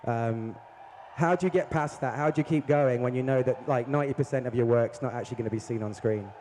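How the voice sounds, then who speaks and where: Director type, joking and self-deprecating, hall mic with long echo. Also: male voice, medium pitch, fast, darkish tone, a little hiss or hum. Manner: joking, laughing. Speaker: film director. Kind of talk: self-deprecating panel question. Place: large convention hall with audience. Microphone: handheld audience mic. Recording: echoey convention hall.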